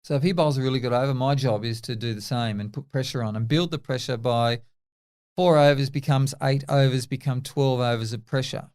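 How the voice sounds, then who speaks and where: A man in his fifties with an Australian accent, a former test cricketer telling animated stories in an interview and acting out the dialogue. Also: mid-range voice, fairly quick, smooth. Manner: animated anecdotes, acts out quoted dialogue. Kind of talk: casual interview storytelling.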